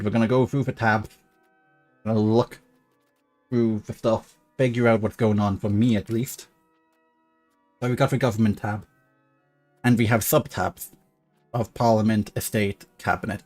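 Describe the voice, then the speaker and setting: A man's voice: fairly low pitch, fairly even intonation, moderate pace, pauses often, darkish tone, soft background music. Casual man narrating a strategy game. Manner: thinking aloud with fillers and restarts. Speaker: gaming YouTuber. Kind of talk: casual let's-play commentary.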